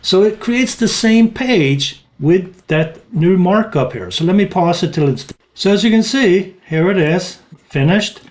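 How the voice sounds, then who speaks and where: Male tutorial presenter, slightly high voice, casual screen-demo narration with small restarts. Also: animated, unhurried. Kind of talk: screen-recorded software walkthrough.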